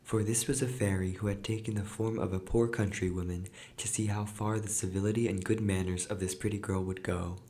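A man hosting a podcast, reading an old fairy tale aloud in a measured, even way. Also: on the low side. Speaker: podcast host and reader. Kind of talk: storybook reading.

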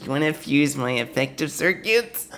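Guy doing a nerdy dork voice, trying to be smooth, kinda gravelly underneath. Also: on the high side, expressive, moderate pace, fairly bright tone, slight background noise, pitched above the performer's own voice. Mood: mock-seductive.

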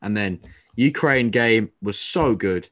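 A man's voice: lowish voice, takes it slowly. A young man hosting a casual football chat podcast, teasing his co-host and swearing freely.

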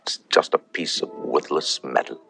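An actor playing a weary, cynical German army sergeant in war film dialogue, pressing with insistent questions. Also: male voice, a bass voice, normal speed, gravelly, pushed and bright, faint music behind, exaggerated voice. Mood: scornful.

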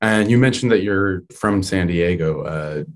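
A deep-voiced man conducts a casual interview. He asks his questions in an easy way and drops quick words of agreement while his guest talks. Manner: attentive, short affirmations.

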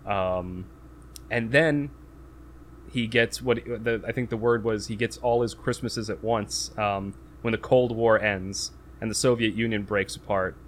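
A man's voice: on the low side, steady tone, a little slow, slight background noise. A man in casual podcast chat, recapping a movie plot with lots of fillers and restarts. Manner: rambling, many fillers and restarts; acts out quotes in raised voice.

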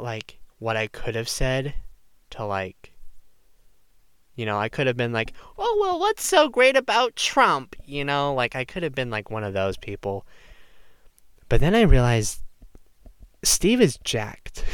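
A teenage high school boy rants through a storytime, filling his talk with "like" and breaking into loud mock shouts. His voice is smooth and clear, and his pitch swoops all over the place. The sound is dry and close, with no room echo. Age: teens. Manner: animated, lots of "like", mimics others with shouts. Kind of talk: storytime rant to camera.

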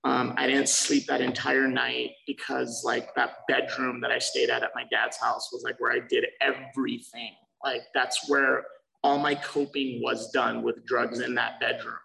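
A young man shares his recovery story in a casual, profane way and acts out the conversations he once had. His voice is heavily gravelly and full of fry. He sounds a little distant from the microphone. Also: medium pitch, flat delivery, unhurried, pushed and bright. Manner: profane, loose, acts out quoted exchanges.

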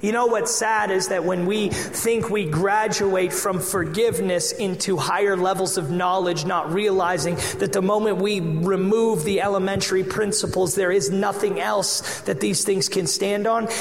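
High-voiced pastor preaching in an echoey hall. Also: male voice, normal speed, vocal fry, few pauses. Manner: animated storytelling with acted-out dialogue. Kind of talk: sermon. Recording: echoey hall with long reverb.

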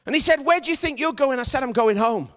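A middle-aged man preaching a sermon as an evangelist, with shouted, emphatic lines. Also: extremely high pitch, fast talker.

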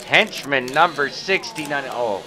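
A man doing an excited news reporter. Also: medium pitch, a little slow, some chatter behind, voice pushed up.

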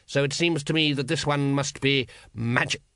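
A man's voice: mid-range voice, moderate pace, a bit bright, dry recording, clean studio sound, close to an everyday voice. A man voicing a cold, brusque city ruler who speaks in clipped, firm tones.

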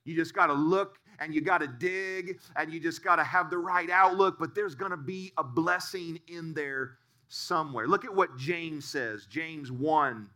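A man's voice: on the high side, a little slow, sharp tone. A male pastor giving a sermon and telling stories in an earnest way. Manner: storytelling, earnest.

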